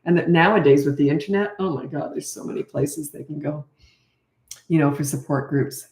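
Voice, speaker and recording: A woman's voice: deep voice, a little fast, darkish tone. A middle-aged woman from Canada, a parenting coach answering viewer questions in a blunt, matter-of-fact casual chat. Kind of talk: casual livestream Q&A. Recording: echoey room.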